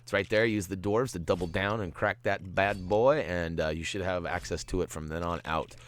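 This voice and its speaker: Deep-voiced, playful game walkthrough host. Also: male voice, steady tone, moderate pace. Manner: playful and jokey, with goofy asides. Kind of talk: gameplay commentary.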